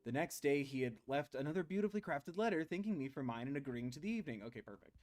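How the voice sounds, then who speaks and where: A man's voice: fairly high pitch, lively intonation, quick pace, darkish tone. A man casually streaming and reading through a dating game aloud, playful and jokey. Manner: playful, jokey, laughs often.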